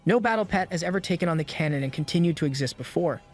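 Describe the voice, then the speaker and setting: A man's voice: a little high, animated, racing, faint music behind. A man narrating a comic recap in a scripted style, breaking in with wry, slangy asides. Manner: wry, slangy commentary between plot beats.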